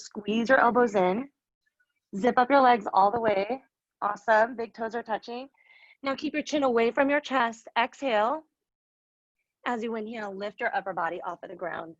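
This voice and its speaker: A woman leading a yoga class, giving firm, steady cues with bits of encouragement. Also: mid-range voice, no room sound, muffled recording. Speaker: yoga instructor. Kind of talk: live class instruction.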